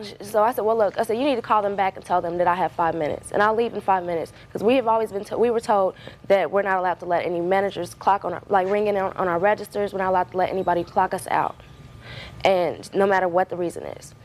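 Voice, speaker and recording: A woman's voice: mid-range voice, fast talker, darkish tone, a little hiss or hum, low-quality recording. Rambling young woman giving testimony. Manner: rambling, many fillers and restarts. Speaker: defendant. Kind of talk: courtroom testimony.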